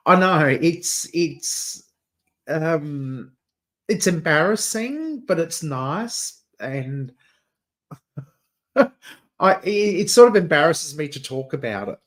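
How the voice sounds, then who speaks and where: A man's voice: on the high side, animated, slow, pauses often, a bit bright. A man with an Adelaide Australian accent, hosting a casual livestream chat, chatty and camp, laughing often and calling listeners dear. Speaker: channel host.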